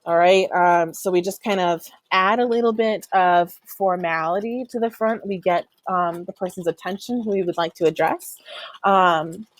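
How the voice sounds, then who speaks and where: Young woman teacher, relaxed explainer, lowish voice, dry close sound. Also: normal speed, no room sound. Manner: casual, explanatory, frequent "um" fillers. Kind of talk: recorded online lesson.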